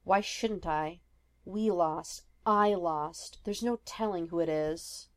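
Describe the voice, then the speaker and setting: Lady reading as a tired bitter prince in an audiobook, gloomy and sarcastic, lowish voice. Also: slow pace. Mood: despondent. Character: weary, bitter young prince, half dragon.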